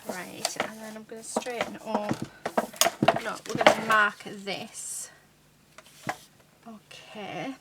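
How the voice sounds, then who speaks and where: A chatty woman talks her viewers through a craft project at a mid pitch, rambling warmly with plenty of ums. Her voice sits on a noisy track with clicks of tools and paper around it. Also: fairly even intonation, slow pace, pauses often. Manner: chatty, rambling, many fillers. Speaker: crafting channel host.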